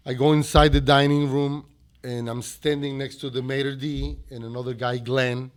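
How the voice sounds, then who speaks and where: A man's voice: medium pitch, flat delivery, normal speed. A man from Mexico with a Mexican accent, a restaurant owner telling a story as a guest in a podcast interview, acting out the dialogue as he goes.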